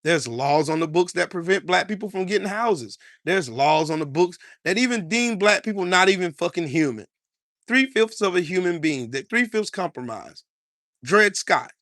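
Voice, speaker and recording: A man's voice: sits high, animated, moderate pace, fairly bright tone, dry recording, clean studio sound. An American man delivering heated political commentary in an angry, profane, repetitive rant.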